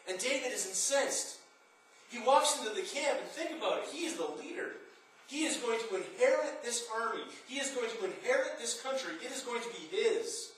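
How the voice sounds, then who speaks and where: A man's voice: very high voice, animated, a little fast, a bit bright, slight background noise. A man preaching a sermon, telling a story dramatically and rising to impassioned peaks. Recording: echoey room from far off.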